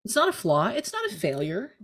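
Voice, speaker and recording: Candid, animated woman in her forties; casual parenting talk, lots of "right?". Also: medium pitch. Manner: lively, candid, rapid bursts with frequent "right?". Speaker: podcast co-host, parenting guest. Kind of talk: casual conversational advice.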